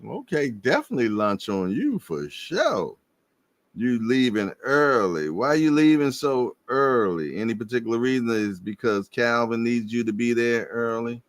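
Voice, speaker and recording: A man hosting a casual boxing livestream, slangy and animated, laughing and repeating himself as he reads viewer comments. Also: medium pitch, unhurried, no room sound. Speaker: livestream host.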